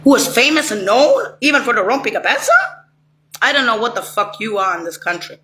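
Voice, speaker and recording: A woman's voice: fairly high pitch, lively intonation, brisk, pushed and bright. A woman delivering a rambling, angry, profane monologue straight to the listener. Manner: ranting, swearing, rambling. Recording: roomy echo, faint ambience.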